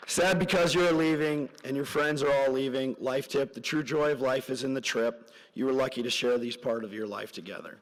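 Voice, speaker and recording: Middle-aged man, earnest storytelling speech, rambling asides, mid-pitched voice, long reverb of a big hall. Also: moderate pace, few pauses. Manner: earnest, rambling with side stories, voice drops soft at emotional points. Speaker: parent giving a graduation speech. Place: large hall at a graduation ceremony.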